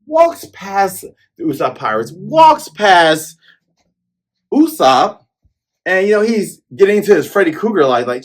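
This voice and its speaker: A man hosting a casual manga chapter review, animated and jokey, acting out lines as he goes. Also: sits high, moderate pace. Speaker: host.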